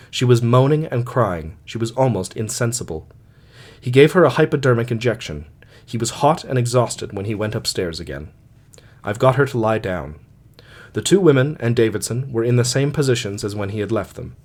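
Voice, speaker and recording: Man reading an audiobook. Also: mid-range voice. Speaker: audiobook reader. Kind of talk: audiobook narration of a classic story.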